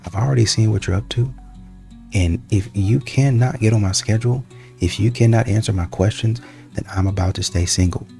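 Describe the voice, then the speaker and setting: A man's voice: on the low side, brisk, creaky, mellow, faint music behind. A man reacting to clips, talking bluntly and lecturing, often repeating himself as he makes his point. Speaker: reaction commentator.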